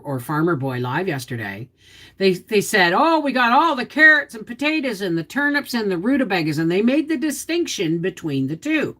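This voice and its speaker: A woman hosts a casual livestream in a chatty, folksy manner, explaining cooking and gardening tips. Her pitch moves in a lively, animated way as she talks. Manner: chatty, explains cooking and gardening while answering viewers' comments; folksy, down-to-earth. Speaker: homestead channel host.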